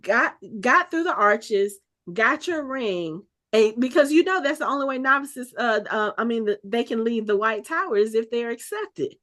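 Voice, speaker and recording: A woman co-hosting a podcast, casually recapping a TV episode in an animated way and acting out the characters' lines as she goes. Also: on the high side, normal speed, hardly any pauses. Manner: animated, retells scenes with quoted lines. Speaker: podcast co-host. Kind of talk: casual show recap chat.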